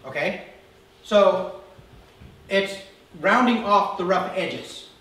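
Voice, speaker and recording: A man's voice: sits high, slow, a bit bright. A male pastor preaching a conversational sermon who often asks the congregation questions, recorded in a church sanctuary. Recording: echoey church hall miked from far off.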